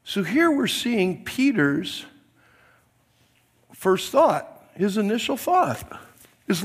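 A middle-aged man, a pastor, preaching a sermon to his congregation in a chatty, joking way, with a hoarse, coughing throat. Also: high voice, sing-song, takes it slowly, pauses often. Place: church sanctuary. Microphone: mic at the pulpit, then a handheld mic. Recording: long hall reverb.

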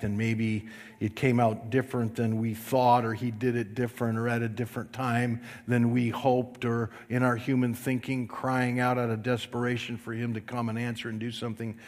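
A man preaching a sermon, slow and emphatic, calling on the congregation to repeat lines after him. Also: medium pitch. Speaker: pastor. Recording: long reverb of a large hall.

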